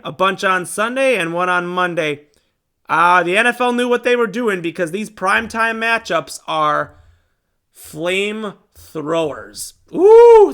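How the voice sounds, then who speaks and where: A young man hosting a sports show, giving casual game predictions in an excitable, animated way. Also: high-pitched. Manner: excitable, animated fan talk.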